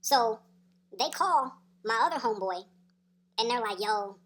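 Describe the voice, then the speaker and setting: A woman's voice: a little high, animated, measured pace, a bit bright. A woman telling a story in a casual, slangy, profane way, laughing as she goes. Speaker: storyteller vlogger.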